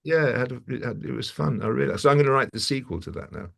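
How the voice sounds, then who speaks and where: A man's voice: mid-range voice, expressive, fast talker, gravelly. A male actor talking casually as an interview guest from a room at his home, rambling with many restarts.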